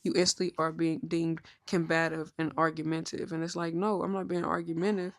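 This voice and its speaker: A woman of thirty co-hosting a podcast, telling stories in an outspoken, mostly even-toned casual chat. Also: sits low, a little fast. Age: 30s. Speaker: podcast co-host.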